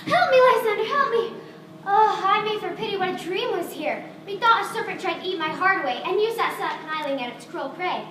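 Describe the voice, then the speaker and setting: A woman plays a modest young woman in love, speaking earnest verse in a very high voice. She sounds far off in an echoey space, with audience ambience behind. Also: a little fast, hardly any pauses, sharp tone, a little hiss or hum. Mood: frightened. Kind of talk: outdoor stage acting. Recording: distant echoey stage recording with ambience.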